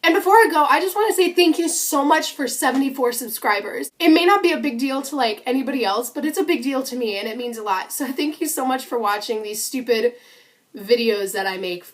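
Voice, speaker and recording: A young woman telling a spooky storytime to her vlog camera, chatty and animated, full of "like" and "you know". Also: high voice, a little fast. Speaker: vlogger.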